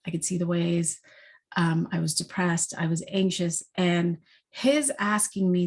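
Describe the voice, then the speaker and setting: A woman sharing a personal story, halting and earnest, with frequent restarts and repeated words. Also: fairly low pitch, steady tone, slightly rough. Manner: earnest and heartfelt.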